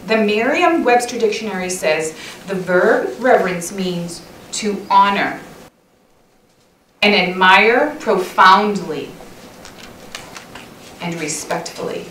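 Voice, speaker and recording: A middle-aged woman with a fairly high voice gives a lively, chatty talk to a women's church session, laughing easily and acting out quoted lines. She is heard from a distance in an echoey church hall with faint room noise behind her. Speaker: conference speaker.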